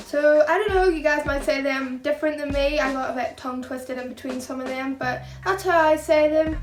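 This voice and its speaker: A woman's voice: sits high, brisk, hardly any pauses. A young woman with a Northern Irish accent, chatting casually to camera as a vlogger. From Northern Ireland. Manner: chatty, many fillers. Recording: echoey room with faint music.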